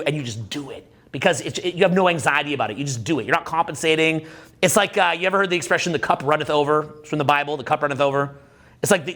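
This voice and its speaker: A dating coach in his forties, whose voice sits on the high side, talks from a stage at a live seminar. His delivery is animated and conversational with plenty of profanity, and he keeps checking in with "right?".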